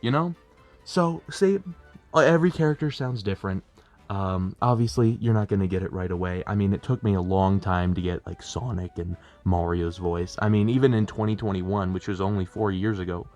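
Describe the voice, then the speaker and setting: A man's voice: deep voice, normal speed, a little mellow, faint music behind. A young man in a chatty, rambling, self-deprecating tutorial vlog, talking at home as a plush video creator. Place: bedroom at home.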